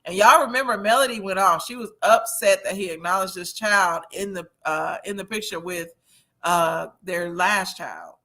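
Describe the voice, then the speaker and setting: Chatty lady host on a livestream, kinda tipsy, bright sharp voice, laughing at the gossip. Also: mid-range voice, moderate pace. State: a little tipsy. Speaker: host of a reality-TV review livestream. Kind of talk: casual livestream chat reading viewer comments.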